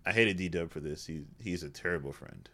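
Deep fast-talking man chatting. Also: bright, forceful tone. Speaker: podcast co-host. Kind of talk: casual chat.

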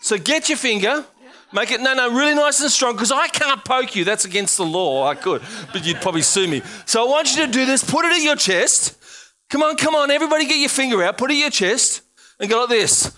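Male pastor, sermon, high voice, bright tone, exhorting, repetitive calls, joking asides. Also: expressive, fairly quick. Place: church.

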